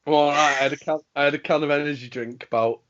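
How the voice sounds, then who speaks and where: A man's voice: on the high side, steady tone, fast, a bit bright. A man from northern England chatting casually on a podcast, easily amused. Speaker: podcast co-host. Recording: dull lo-fi audio.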